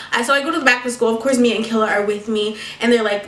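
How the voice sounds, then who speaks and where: A woman's voice: on the high side, steady tone, quick pace, few pauses, a bit bright, recorded from a distance. A young woman vlogger telling a story with sass, profanity and laughter, recorded at home. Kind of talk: storytime vlog. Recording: echoey room, mic set back.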